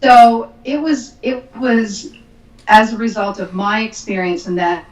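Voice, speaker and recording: A woman's voice: fairly high pitch, fairly even intonation, unhurried, reverberant, low-quality recording. Earnest woman telling her faith story. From Canada. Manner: earnest storytelling with many ums. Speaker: podcast guest, author. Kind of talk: casual interview, telling her testimony.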